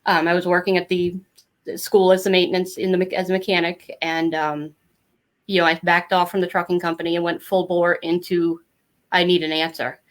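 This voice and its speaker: Speaking briskly in a fairly low voice with little pitch movement, a middle-aged woman shares her family history as a guest on a podcast. Her casual interview storytelling is open and chatty, full of fillers.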